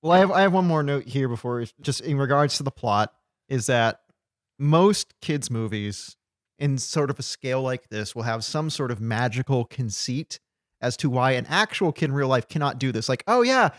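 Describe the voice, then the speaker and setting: A man co-hosting a casual podcast chat, animated and laughing as he retells a plot. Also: mid-range voice, normal speed, no room sound, clean studio sound. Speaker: podcast co-host.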